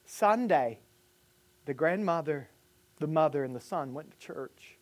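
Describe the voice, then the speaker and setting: A man preaches in a notably high voice. He tells a vivid personal story, pausing and restarting as he goes. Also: animated. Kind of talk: sermon storytelling.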